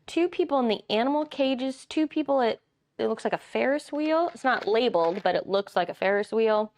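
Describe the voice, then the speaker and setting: A woman's voice: on the high side, lively intonation, brisk, darkish tone. A woman chatting casually and giggling with her live chat as she plays a board game.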